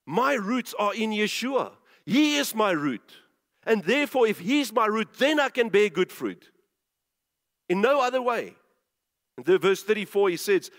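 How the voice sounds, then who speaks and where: A man's voice: high-pitched, animated, moderate pace, big-room sound. A man preaching a sermon, emphatic, asking the listeners questions and repeating phrases.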